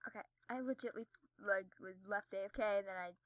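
A woman's voice: mid-range voice, fairly quick, fairly bright tone, no echo, poor audio. A young woman giving chatty, giggly commentary while playing a video game, yelping when she falls. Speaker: gaming video creator. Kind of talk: casual gameplay commentary. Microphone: desk mic with audible keyboard.

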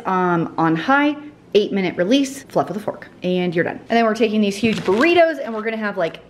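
Chatty mom talking through home cooking. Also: female voice, mid-range voice, slight background noise. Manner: chatty and upbeat, talks to viewers while cooking. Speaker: cooking vlogger, mother. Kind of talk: casual cook-along chat. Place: home kitchen. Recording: echoey kitchen room.

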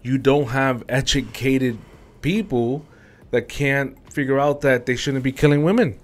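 A man's voice: medium pitch, steady tone, unhurried. A man co-hosting a podcast in casual chat, thoughtful and hesitant as he wonders aloud. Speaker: podcast co-host.

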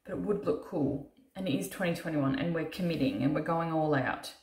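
A woman's voice: sits low, a little fast, a little mellow. A tired woman talking through a makeup tutorial, chatty and self-mocking, swearing casually as she works. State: tired from little sleep. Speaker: makeup artist doing a tutorial. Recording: roomy echo.

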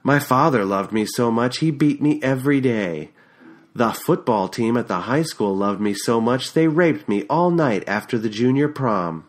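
A bitter, scornful middle-aged woman, as a male audiobook reader puts her on, sharp-tongued and mocking. Her voice sits a little above an ordinary man's register and swings higher when she flares. It is a storybook reading captured on a USB condenser mic. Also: animated, normal speed, close to an everyday voice.

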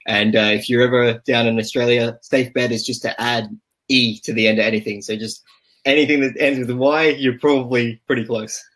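A man talks as a guest on a podcast, relaxed and easygoing. His voice sits in a middle pitch and stays fairly flat in its melody. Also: brisk. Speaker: podcast guest, software company rep. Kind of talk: casual interview chat.

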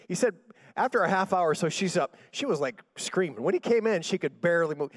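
A pastor preaching a sermon, telling a story in a hushed voice and rising to shouted declarations. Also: male voice, a little high, animated, fairly quick, no room sound.

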